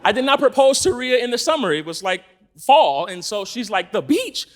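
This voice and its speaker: A man's voice: extremely high pitch, fairly quick, slight background noise. A man in his thirties from Los Angeles, preaching to a congregation and telling a story with frequent laughter. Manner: animated storytelling, laughing often. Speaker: church speaker. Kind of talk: sermon. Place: church in front of a congregation.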